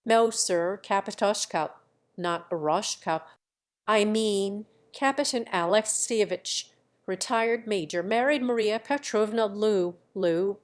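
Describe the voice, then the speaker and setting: A woman's voice: mid-range voice, takes it slowly, natural voice. A woman voicing an old retired general, blustering and stammering in his rage. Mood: enraged.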